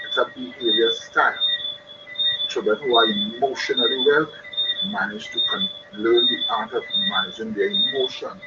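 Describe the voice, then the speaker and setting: A man speaks to parents in a live stream, earnest and insistent. He hammers his points home by repeating them. The stream sounds muffled and lo-fi, with heavy noise underneath. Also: medium pitch. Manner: earnest, repetitive emphasis. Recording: dull lo-fi stream with loud noise.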